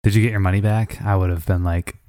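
Man, podcast co-host, casual chat, very low voice, deadpan jokes. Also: fast, no echo, clean studio sound.

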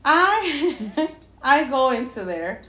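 A woman with a high voice tells a story with lots of swearing and fillers. She tells it in an animated, casual way. The room around her is roomy and echoey. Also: drawn-out words. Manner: animated, swears a lot, many fillers, laughs while telling. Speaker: podcast co-host.

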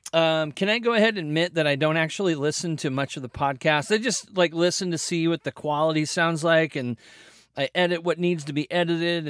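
Guy hosting his podcast solo, kinda high voice, chatty and hyped, dry close mic. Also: fairly bright tone, no echo. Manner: upbeat, rambling, playful, with sudden pitch jumps. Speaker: podcast host. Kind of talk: energetic solo podcast intro.

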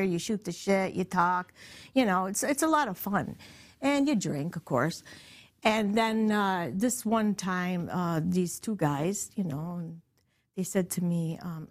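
A woman guest telling a story in a casual studio chat, animated and swearing freely, acting out the other people's voices. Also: on the low side.

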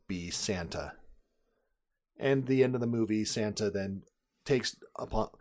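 A man's voice: on the low side, darkish tone. A man co-hosting a casual podcast, summarizing a film plot with wry, sarcastic asides. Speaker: podcast co-host.

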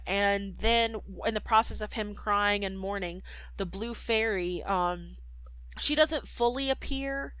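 A woman's voice: medium pitch, a bit bright, dry recording, rough recording. A woman co-hosting a podcast, casually retelling a film plot with lots of fillers. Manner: chatty, lots of fillers and voices. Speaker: podcast co-host. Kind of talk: casual movie recap.

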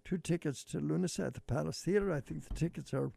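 A male radio host with a gravelly, creaky voice that sits a little high for a man. He talks in a casual, rambling way, stopping and restarting his announcements. The sound is close and dry. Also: fast, mellow, no room sound. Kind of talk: casual on-air chat with a co-host.

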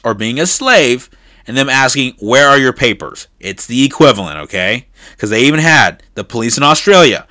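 Male commentator, middle pitch, emphatic and insistent, dry booth-like sound. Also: sharp tone, dry recording. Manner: emphatic, repeats "okay?" for stress; insistent, rising in intensity. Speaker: political commentator. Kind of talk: opinion monologue.

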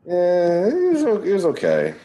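A man hosting a casual podcast chat, relaxed and talkative, putting questions to his guests. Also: high voice, normal speed. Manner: relaxed, chatty, asks the others questions. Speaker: podcast host.

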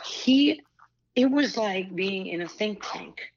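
A woman's voice: medium pitch, takes it slowly, lo-fi sound. A woman in her sixties, a former pro basketball player and broadcaster, telling candid stories as an interview guest with lots of asides and restarts. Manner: animated storyteller, many asides and restarts. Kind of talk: candid storytelling conversation.

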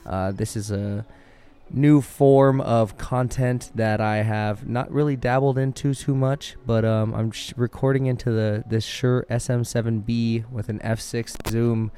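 Vlogging alone in a small room with a fan nearby, a young man talks upbeat and thankful, full of fillers, with a studio mic held very close to his mouth. His voice is medium in pitch, dark, clear, and resonant, with fairly even intonation and a measured pace.

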